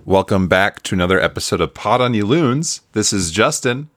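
A man co-hosting a casual sports podcast, relaxed and laughing often. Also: lowish voice, normal speed, soft background music. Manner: laid-back, laughs often. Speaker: podcast co-host.

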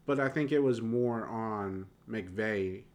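A young man with a Southern American accent, co-hosting a casual sports podcast, animated and dropping the g on his -ing words. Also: lowish voice, slow pace. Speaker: podcast co-host.

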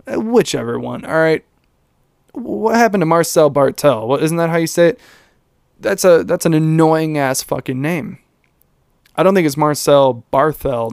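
A man's voice: a little high, gravelly, darkish tone, no echo, clean studio sound. A young man hosting a casual solo podcast, rambling and cursing, with lots of fillers and self-mocking asides. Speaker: podcast host.

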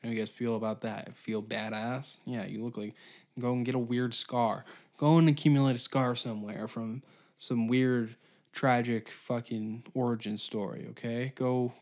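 A man's voice: on the low side, gravelly. A man from Canada hosting a solo comedy podcast, rambling and profane as he riffs off the cuff. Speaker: podcast host.

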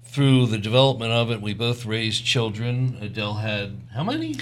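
A man in his sixties with a lowish voice and big pitch swings co-hosts a podcast, speaking at a moderate pace. He chats casually with his wife in an easygoing, joking way.

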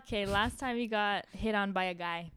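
A woman's voice: medium pitch, moderate pace, bright, forceful tone, smooth, dry recording. A woman co-hosting a podcast, telling stories in a casual, easygoing way with laughs. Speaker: podcast co-host. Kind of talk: casual chat.

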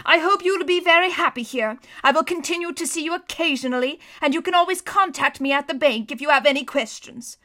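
A woman puts on a stern, formal storybook banker, his voice pitched high and carried with fussy firmness. He speaks like a proper man of business. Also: a little fast, few pauses, pushed and bright. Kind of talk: storybook reading.

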